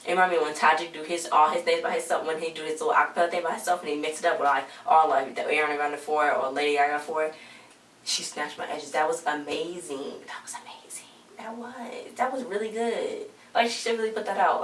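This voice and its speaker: In a deep, somewhat bright voice, a woman recaps a TV episode for her vlog, chatting casually with plenty of slang and performing the characters' lines. The recording comes from a distant home mic in a roomy space with faint noise.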